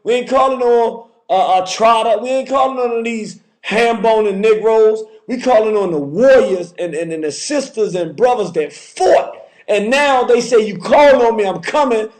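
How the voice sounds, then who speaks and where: Fervent high-voiced call-in host. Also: male voice, moderate pace. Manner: fervent, repetitive, preacher-like cadence. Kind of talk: call-in show.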